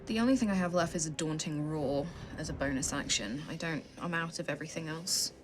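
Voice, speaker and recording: A woman's voice: sits low, fairly quick, background noise. A woman player in a tabletop game, asking rules questions and thinking aloud about her moves.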